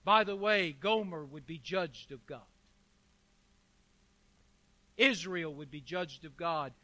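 A man's voice: a little high, measured pace, bright, forceful tone. A man preaching a sermon as pastor, emphatic, with rhetorical questions and repeated phrases.

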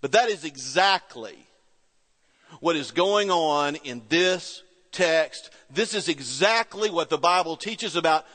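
A middle-aged man preaching a sermon, telling a story with pauses and soft quoted voices. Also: on the high side, expressive. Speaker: pastor. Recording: reverberant church hall.

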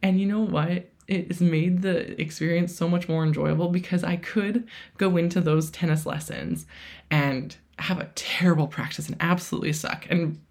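A woman's voice: fairly low pitch, moderate pace, a little mellow. Chatty woman in her thirties. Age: 30s. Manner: chatty, frequent fillers and self-quotes. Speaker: podcast host. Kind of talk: casual solo monologue.

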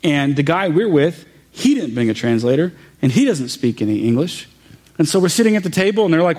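A young adult man from the Saint Louis area giving an earnest, halting sermon testimony that builds to an impassioned close. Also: a little high, sing-song, a little mellow, husky. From Saint Louis area, Missouri. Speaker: pastor.

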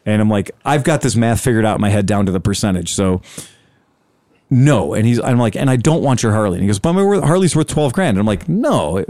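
A man's voice: lowish voice, mellow, no echo. A man telling a long sales story in casual chat, acting out both sides of the conversation. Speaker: scooter dealer telling a story.

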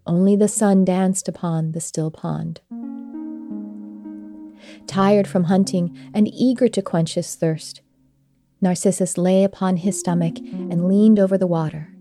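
A woman host narrating an old myth in a gentle, measured storytelling style. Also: on the low side.

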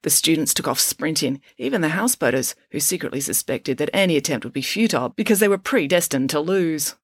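A woman reading a children's chapter book aloud in an expressive storytelling voice, close to the microphone. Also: deep voice, a little fast, dry recording. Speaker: audiobook reader.

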